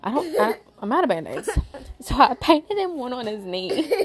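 Chatty young mom. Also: female voice, a little high, very animated, moderate pace, crowd noise. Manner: chatty, rambling, switches to soft whispers. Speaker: mother of young children. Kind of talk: casual home vlog chat.

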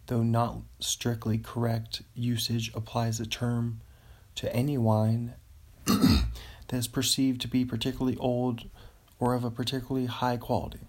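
A man hosting a casual solo podcast, rambling and easily amused, chuckling as he reads material aloud. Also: medium pitch. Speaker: podcast host.

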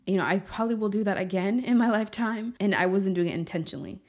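A woman's voice: mid-range voice, fast, a little mellow. A woman hosting a podcast, talking through a personal story in an earnest, candid way with lots of fillers. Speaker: podcast host. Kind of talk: personal reflective monologue.

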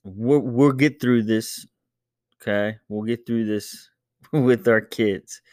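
A man in his thirties hosting a casual solo podcast. He tells a family story in a lively, animated way, laughing often and jumping into high voices. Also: slow, dry recording, clean studio sound. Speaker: podcast host.

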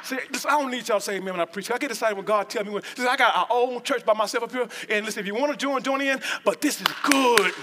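A woman preaching a lively sermon with call-and-response lines, breaking into shouts and joking asides. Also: a little high, fast talker, hardly any pauses, heavy background noise.

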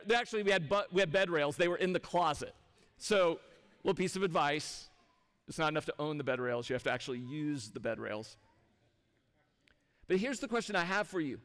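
High-voiced pastor preaching in a reverberant hall. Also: male voice, fairly bright tone. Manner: conversational, with rhetorical questions to the audience. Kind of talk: sermon. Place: church sanctuary.

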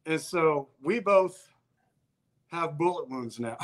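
A man with a slightly high voice tells a story in a relaxed conversation. He is blunt and swears freely. He often breaks into the voices of the people in the story. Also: takes it slowly. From Albuquerque, New Mexico. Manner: profane, blunt, acts out quoted exchanges.

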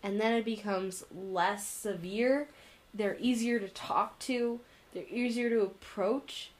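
A woman's voice: medium pitch, slow pace. A teenage girl in casual chat, telling school stories in an earnest way.

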